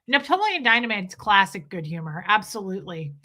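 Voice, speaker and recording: This livestream host has a medium-pitched, expressive voice with a sharp tone, speaking at normal speed. Chatting with viewers, she reads comments aloud and raves about films she loves, exclamatory and quoting their lines.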